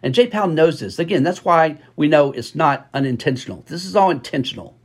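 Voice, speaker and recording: A man's voice: a little high, animated, fairly quick, husky. A man hosting a podcast and giving opinionated market commentary, emphatic and repeating words for stress, with many fillers and restarts. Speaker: podcast host.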